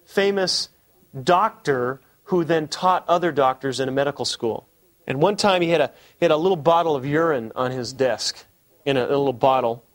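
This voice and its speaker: A man preaching a sermon, teaching from scripture with emphatic, animated delivery. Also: a little high. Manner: emphatic, quotes scripture in raised voice.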